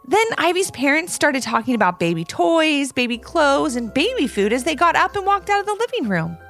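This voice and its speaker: A woman narrates a children's storybook with a high voice that leaps and dips expressively. Soft music plays under her lively read-aloud. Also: a little fast.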